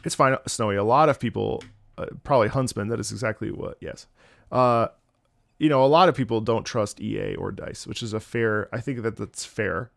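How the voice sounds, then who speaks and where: A man's voice: lowish voice, moderate pace, gravelly, no echo, clean studio sound. A man chatting casually on a livestream, telling joking stories and swearing often. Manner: animated, joking storyteller with frequent swearing. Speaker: streamer.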